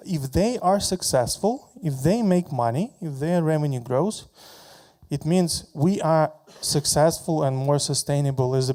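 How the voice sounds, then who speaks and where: A man giving a conference talk about his product, halting often and repeating words as he walks through slides. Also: on the high side, mellow.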